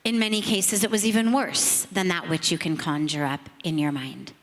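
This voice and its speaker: A middle-aged woman, a spiritual teacher, telling a reflective story to an audience in a measured, earnest, emphatic way. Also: lowish voice, animated. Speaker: spiritual teacher speaking on a panel. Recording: long reverb of a large hall.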